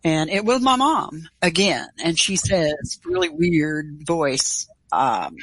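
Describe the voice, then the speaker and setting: A middle-aged woman telling a personal story in an interview, animated and casual, acting out quoted dialogue. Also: deep voice, slow, hardly any pauses, rough recording. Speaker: guest.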